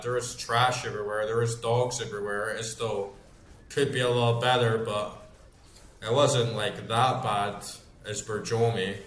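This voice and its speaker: A man's voice: mid-range voice, fairly bright tone, slight background noise. Rambling man in an echoey room. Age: 30s. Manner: rambling and ranting, full of fillers. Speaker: gaming streamer. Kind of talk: casual chat. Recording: roomy echo.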